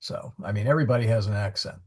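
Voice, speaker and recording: A man teaching a Latin class, explaining grammar patiently with fillers and pauses. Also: lowish voice.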